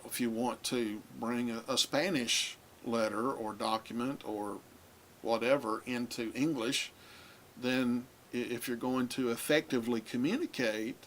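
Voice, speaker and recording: Male lecturer, unhurried, halting delivery with fillers, faint hiss behind. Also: mid-range voice, a bit bright. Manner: halting, many filler pauses. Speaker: Bible translation teacher. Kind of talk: recorded lecture on translation.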